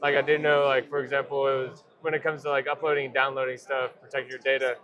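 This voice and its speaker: Relaxed young-sounding founder at a trade show. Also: male voice, medium pitch, fast, dull audio. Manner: relaxed, rambling, with many fillers and restarts. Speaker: startup founder guest. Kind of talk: casual trade-show interview. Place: busy convention floor.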